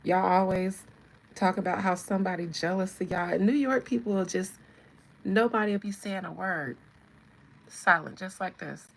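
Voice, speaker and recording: Southern lady in her 30s, gravelly husky voice, sassy chatty vibe. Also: lowish voice, steady tone, moderate pace, rough recording. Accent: Southern American. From Southern United States. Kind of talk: casual chat to viewers.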